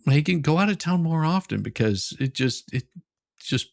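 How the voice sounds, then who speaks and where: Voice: medium pitch, lively intonation, moderate pace, gravelly, no room sound, studio quality. A host of a commentary show talking casually with a co-host, sighing and laughing easily.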